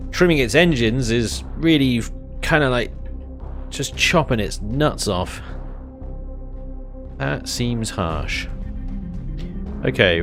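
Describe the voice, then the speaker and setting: A man's voice: medium pitch, a bit bright. A man chatting casually while live-streaming a building game, thinking aloud and chuckling often.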